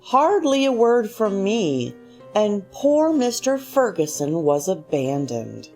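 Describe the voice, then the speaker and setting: A woman's voice: mid-range voice, big pitch swings, slow pace, warm tone, full character voice. A woman reading a husband's lines, a middle-aged man with an irritable, needling way of talking. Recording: faint music underneath.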